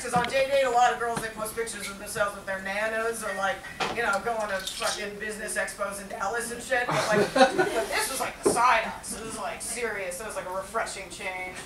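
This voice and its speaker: A woman's voice: a little high, natural voice. A woman performing a brash, crude young man who rambles with constant fillers and swearing, in a live stage monologue. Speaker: solo performer. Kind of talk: stand-up character monologue. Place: small theater with live audience. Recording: echoey room, mic far off, loud noise.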